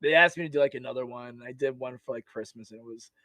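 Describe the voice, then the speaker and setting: A man telling stories from his army service in a casual, animated way, laughing often and restarting his sentences. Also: medium pitch, quick pace, no echo. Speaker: podcast guest, army veteran. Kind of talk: casual storytelling.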